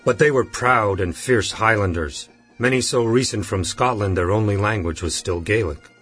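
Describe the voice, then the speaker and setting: A man reading his voice demo, with punchy commercial announcing and a steady narration. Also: fairly low pitch, moderate pace, breathy edge, faint music behind. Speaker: voice actor demo reel.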